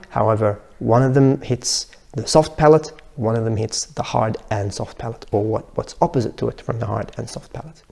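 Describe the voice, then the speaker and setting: Gravelly-voiced man teaching pronunciation. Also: mid-range voice, dark tone. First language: Arabic. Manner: patient, demonstrates sounds by repeating syllables slowly. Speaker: Tajweed teacher. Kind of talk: recorded lesson.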